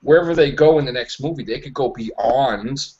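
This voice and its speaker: A man hosting a casual online podcast chat, relaxed and hesitant, with many fillers. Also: medium pitch, moderate pace. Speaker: podcast host. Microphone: online call mic. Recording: dull lo-fi online call audio.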